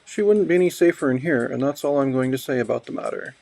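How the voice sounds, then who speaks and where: A man voicing an unrepentant jailed bootlegger, reading the lines out flatly in his own voice. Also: medium pitch, fast talker, gravelly, faint music behind. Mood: smug.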